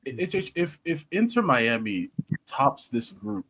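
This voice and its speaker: A man's voice: mid-range voice, big pitch swings, measured pace, a bit bright, husky. A man giving blunt, laughing opinions as a panelist in a casual football chat.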